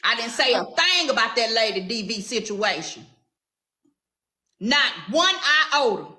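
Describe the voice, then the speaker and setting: Southern lady with a drawl going off, sharp bright voice, kinda roomy sound. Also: on the high side, sing-song, measured pace. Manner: sassy, confrontational, drawling. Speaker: commentary show host. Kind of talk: heated commentary chat.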